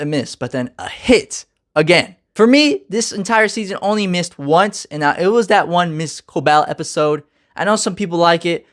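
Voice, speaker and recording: A young man casually reviewing a TV finale with energetic, slangy, joking talk. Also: high-pitched. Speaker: TV review host.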